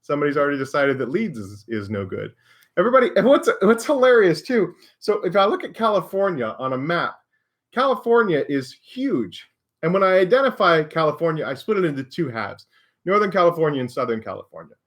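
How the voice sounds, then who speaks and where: A man's voice: a little high, sing-song, brisk, a bit bright. American guy doing a laid-back live stream q&a, rambly and self-deprecating, laughs a lot. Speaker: maker and live stream host.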